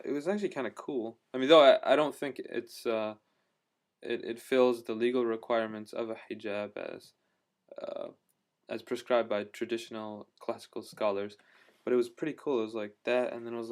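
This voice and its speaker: A man records a casual video diary, talking to the camera about his travels. His voice is smooth and clear and sits at an ordinary middle pitch. He rambles enthusiastically, stopping and restarting his sentences and filling the gaps with "uh" and "you know.". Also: fairly even intonation, normal speed. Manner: rambling, full of fillers and restarts; enthusiastic storyteller. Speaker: travel vlogger.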